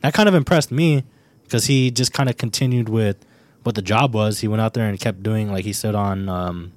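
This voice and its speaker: A man in a casual podcast chat who talks hesitantly and thinks aloud, pausing on "uh" and "like". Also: fairly low pitch.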